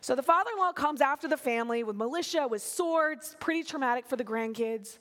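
A woman preaching a sermon, animated and playful, acting out the figures of the scripture story she tells. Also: high voice, fairly quick. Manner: animated, acts out biblical figures in playful voices. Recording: long hall reverb.

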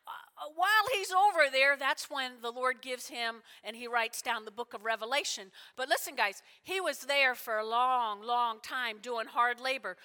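Woman preacher, high bright voice, lively storyteller, long hall reverb. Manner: animated storytelling, voices characters, chatty asides. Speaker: youth preacher. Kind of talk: sermon.

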